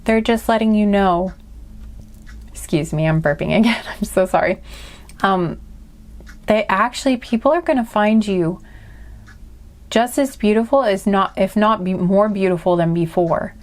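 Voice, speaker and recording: Woman, card reader, casual spiritual reading, earnest, gushing, rambling, many restarts, mid-pitched voice. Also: unhurried, long pauses, a little mellow. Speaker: tarot and oracle card reader.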